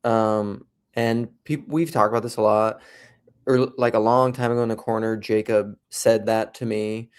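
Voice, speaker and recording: A man's voice: on the low side, fairly even intonation, moderate pace, clear, resonant tone. A middle-aged man from South Dakota in casual conversation, telling his story in a rambling way and often restarting his sentences. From South Dakota, USA. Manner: rambling, self-interrupting storyteller.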